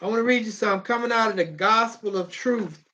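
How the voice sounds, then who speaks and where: A preacher pleads emphatically in his sermon, reading scripture aloud, repeating phrases and breaking into shouts. His voice is mid-range and fast, and the audio sounds dull.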